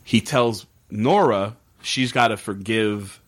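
A man's voice: fairly low pitch, slow pace. A man hosting a casual podcast, animatedly retelling a TV episode, swearing freely and acting out the characters' lines. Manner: animated and profane, acting out quotes.

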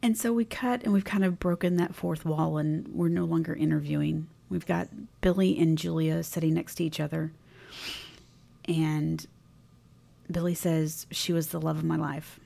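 A woman co-hosting a podcast, casually recounting a TV episode scene by scene and quoting the characters' lines softly. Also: low-pitched, fairly even intonation, moderate pace, gravelly. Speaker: podcast co-host. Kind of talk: casual recap chat.

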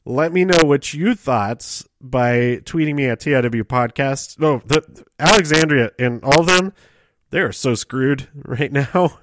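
A man's voice: medium pitch, background noise. A young male podcast host talking casually on his own about TV episodes. His delivery rambles and halts, and he keeps trailing off to start his sentences again. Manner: rambling, halting, trails off and restarts often. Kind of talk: casual solo TV recap podcast.

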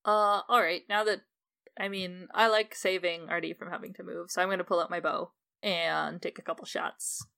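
A woman playing a tabletop role-playing game, calling out her attacks in a relaxed manner. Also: on the low side, normal speed, creaky. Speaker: player.

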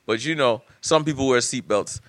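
A man's voice: mid-range voice, normal speed. A man hosting a casual comedy podcast, telling stories with frequent laughter. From Canada. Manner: laughs often, animated storytelling. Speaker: podcast host.

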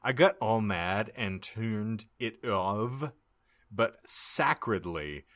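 A man hosting a comedy podcast, reading a story aloud in a mock-dramatic way and pausing to joke with his co-hosts. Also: on the low side, no room sound, clean studio sound. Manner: lively, mock-dramatic narration. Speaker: podcast host.

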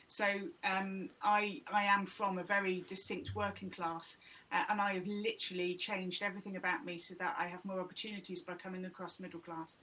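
A woman from the north of England with a middle-class English accent, speaking as a podcast guest about organising local talks in a lively, frank way. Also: medium pitch, fairly quick, poor audio. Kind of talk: casual podcast chat.

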